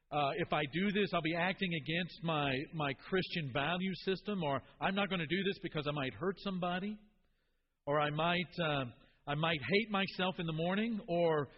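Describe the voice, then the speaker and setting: A man with a slightly high voice preaches a sermon as a pastor, addressing the congregation in an emphatic, conversational way. The recording is a dull, reverberant hall capture with a little hiss or hum.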